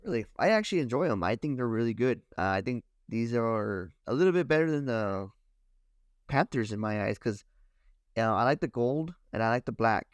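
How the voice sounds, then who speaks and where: A man's voice: mid-range voice, dry recording, clean studio sound. A man co-hosting a podcast, chatting casually and hedging his opinions. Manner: relaxed, hedging with "honestly". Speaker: podcast co-host. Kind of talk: casual chat.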